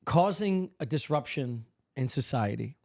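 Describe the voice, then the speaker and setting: A man with an ordinary middle-pitched voice, talking through a loose comedy podcast. He rambles from one crude riff to the next with a deadpan edge. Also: measured pace, gravelly. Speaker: podcast co-host or guest. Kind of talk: casual comedy chat.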